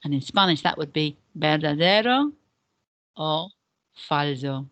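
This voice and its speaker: A woman with a notably low voice talks pupils through a beginner lesson. She explains patiently, repeating and spelling things out step by step. Her voice sounds close and dry, with no room echo. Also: lively intonation, a little slow, a bit bright. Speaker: deputy head and Spanish teacher. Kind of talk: recorded classroom lesson for beginners.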